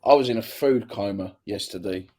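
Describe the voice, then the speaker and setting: A man's voice: lowish voice, normal speed, mellow. A young man, a guest chatting casually in an interview, stumbling over repeated words and swearing freely.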